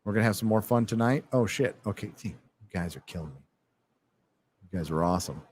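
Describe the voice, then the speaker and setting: A man's voice: lowish voice, animated, a little fast, a little mellow, slight background noise. A man hosting a casual livestream from a bar, reading donations and chatting in a loose, profane way with frequent laughs. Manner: loose and profane, laughs often, reads chat aloud. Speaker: livestream host. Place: fandom bar.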